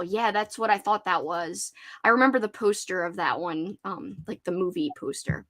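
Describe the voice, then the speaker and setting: A woman's voice: mid-range voice, animated, normal speed, sharp tone. A young woman with a subdued Louisiana accent, chatting casually and laughing often, with lots of fillers. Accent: American, Louisiana. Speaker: host. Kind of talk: casual chat.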